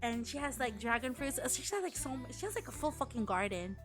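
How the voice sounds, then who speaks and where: A woman's voice: high voice, big pitch swings, quick pace, a bit bright, soft background music. A young woman from the Philippines, chatting and swearing casually as a streamer. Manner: chatty, swears a lot, restarts and acts out quotes. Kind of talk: casual chat.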